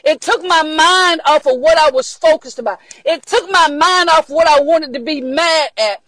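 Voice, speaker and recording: An older woman preaching a motivational message, emphatic and repetitive, often rising into shouts. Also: high-pitched, normal speed, no room sound, rough recording.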